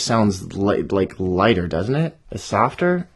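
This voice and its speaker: A low-voiced man muses out loud as he edits his own children's story, chatty and self-deprecating. His delivery swings widely, rising and dipping as he second-guesses his word choices. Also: big pitch swings, unhurried, slightly rough. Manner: self-deprecating, thinking aloud, chatty asides. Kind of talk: casual monologue while editing a story aloud.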